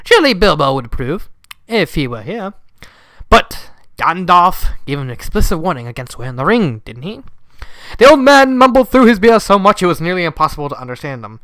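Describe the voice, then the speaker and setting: Freshly awake, this young man laughs easily as he reads fanfiction out loud with offhand remarks, giggling again and again. He speaks high and briskly, with big swings in pitch and a slightly bright tone, and there is no room sound.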